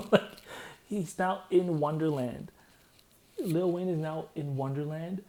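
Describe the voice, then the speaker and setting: A man giving a casual comedic breakdown of song lyrics, excitable and laughing often, sometimes dropping into hushed breathy asides. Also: fairly high pitch, takes it slowly.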